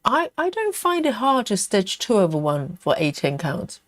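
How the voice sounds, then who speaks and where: Woman host reading out viewer comments in an unhurried, um-filled chat; dry, close recording. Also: mid-range voice, big pitch swings, no room sound. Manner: unhurried, thinking aloud with many ums. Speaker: cross-stitch livestream host.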